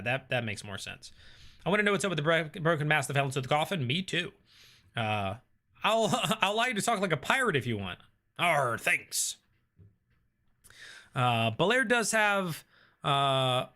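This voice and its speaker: A man with a bright, clear voice hosts a relaxed live stream. He reads viewer comments aloud and answers them in an easy, thinking-aloud way, full of ums and uhs. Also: a little high. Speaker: host reading live chat. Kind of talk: casual live-stream chat.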